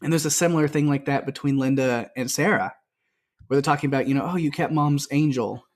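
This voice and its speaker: A man's voice: mid-range voice, a little fast. A male podcast co-host with a mid-range voice talks casually about a movie. He rambles through scenes, acting out bits of dialogue and piling on fillers as he goes. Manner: rambling, retells scenes with quoted lines. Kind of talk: casual film discussion.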